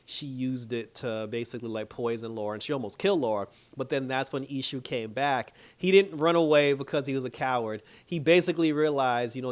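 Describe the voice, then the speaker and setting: A man's voice: medium pitch, fairly even intonation, fairly quick, few pauses, clear, resonant tone. Reviewer type, man with a mid-range voice, loose and slangy, recapping an episode with lots of filler words. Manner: loose, chatty retelling full of "like" and "you know"; slangy and playful, laughing often. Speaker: TV show reviewer.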